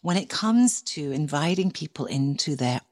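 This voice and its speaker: A woman's voice: low voice, animated, moderate pace, darkish tone. Effusive English woman hosting a podcast. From England. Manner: effusive, flowing, repeats words. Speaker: podcast host. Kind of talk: casual podcast conversation.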